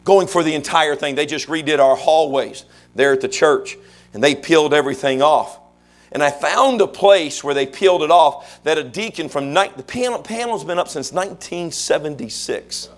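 Speaking at a moderate pace, a middle-aged pastor delivers a sermon in a rather high voice. He tests the congregation with questions and works himself up into loud, animated bursts.

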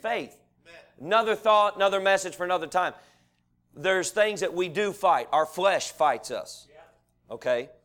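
A man's voice: sits high, a little slow. Folksy man preaching a sermon. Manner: folksy storytelling, rises to animated preaching.

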